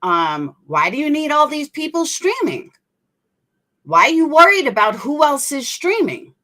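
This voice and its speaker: A woman's voice: sits high, sing-song, unhurried, pushed and bright. A woman hosting a commentary channel, talking bluntly and indignantly and swearing freely. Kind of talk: opinionated commentary.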